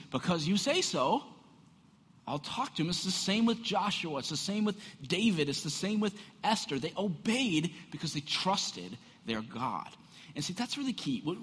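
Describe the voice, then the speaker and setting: Animated pastor with a husky voice in a hall. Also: male voice, on the high side. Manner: animated and conversational, asks rhetorical questions. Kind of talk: sermon. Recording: echoey hall.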